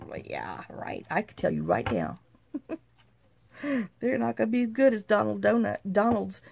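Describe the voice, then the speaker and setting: Middle-aged woman, crafting tutorial host, gravelly fry in the voice, faint hiss behind. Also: mid-range voice, huge pitch swings, normal speed, a little mellow. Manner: rambling, folksy and self-mocking.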